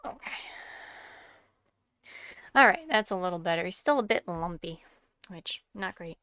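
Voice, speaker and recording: A woman's voice: on the low side, expressive, measured pace, pushed and bright, no echo, studio quality. A woman with a congested voice chatting casually as she narrates her sculpting, searching for words and dropping into whispers now and then. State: congested, coughing. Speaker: sculpting vlogger.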